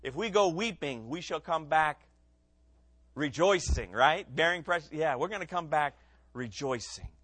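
A man preaching a sermon, telling his own testimony in an earnest, emotional way that rises into loud emphasis and drops to near quiet. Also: a little high, expressive, measured pace, husky, no room sound. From Ohio.

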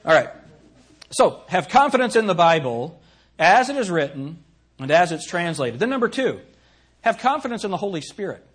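Husky preaching man with a lively voice. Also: normal speed. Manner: earnest preaching, rises to emphatic scripture reading and drops low for asides. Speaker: pastor. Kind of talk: sermon.

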